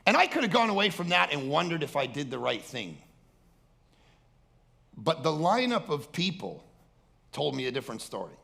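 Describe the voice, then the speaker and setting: A male pastor preaching an energetic sermon, loud and animated, often breaking into acted-out voices. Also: a little high, moderate pace, creaky, pauses often. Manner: animated, loud, acts out other people's voices.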